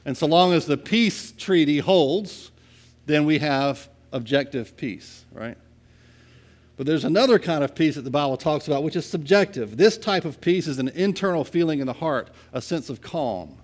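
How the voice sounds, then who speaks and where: A man preaching a sermon in a conversational way, often checking in with the listeners and moving between quiet and loud passages. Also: a little high, animated, moderate pace. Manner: conversational, asks "right?" often, swings from soft to loud. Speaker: pastor.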